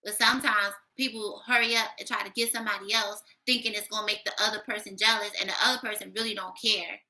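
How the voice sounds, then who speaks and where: A woman giving a casual tarot reading, blunt and sassy, talking her thoughts out loud. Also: mid-range voice, level tone, quick pace, rough recording. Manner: blunt, sassy, thinking aloud. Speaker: tarot reader.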